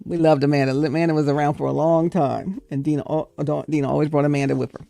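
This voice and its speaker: Gravelly woman telling a story. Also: low-pitched, quick pace, dry recording, soft background music. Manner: chatty and animated, breaks into laughter. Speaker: livestream host. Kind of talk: casual storytelling.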